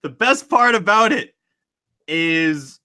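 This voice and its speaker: A young man hosting a podcast, chatting casually about sports in an excitable, rambling way and laughing easily. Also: high voice, slow pace, clear, resonant tone. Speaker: podcast host.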